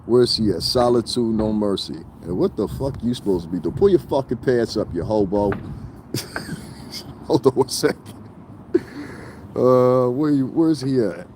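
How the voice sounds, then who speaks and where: A man's voice: medium pitch, expressive, unhurried, pauses often, darkish tone, a little hiss or hum. A man livestreaming outdoors by a street, ranting to his viewers in a mocking, confrontational way and laughing often. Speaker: livestreaming vlogger. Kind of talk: casual livestream rant to viewers.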